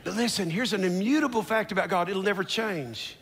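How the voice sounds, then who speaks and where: A man preaching a sermon as a church's founding pastor on a large stage, swinging from low murmurs to shouted declarations. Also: brisk, husky, in a large hall.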